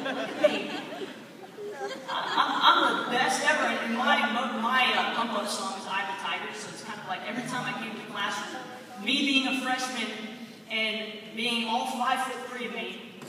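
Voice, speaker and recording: A man's voice: extremely high pitch, sharp tone, slight background noise. A young man giving an earnest, emotional personal testimony as a chapel speaker. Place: large chapel hall. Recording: echoey hall from far off.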